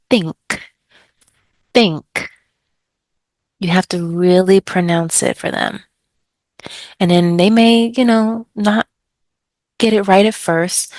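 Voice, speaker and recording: A woman ESL tutor explaining a trial lesson step by step, slowly over-enunciating example words to model pronunciation. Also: lowish voice, a little mellow, dry recording. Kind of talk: teaching tips, modeling pronunciation.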